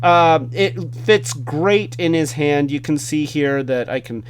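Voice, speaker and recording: Man hosting a toy review, slightly high voice, unhurried delivery, faint hum underneath. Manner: enthusiastic, rambling with fillers and restarts. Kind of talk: casual hands-on product review.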